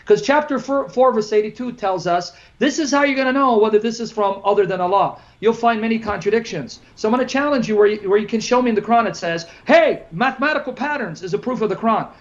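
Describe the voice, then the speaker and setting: A man with a fairly high voice fires off a combative, sarcastic debate rebuttal. He stacks point on point without letting up. The sound is muffled and lo-fi. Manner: combative, rapid-fire, sarcastic.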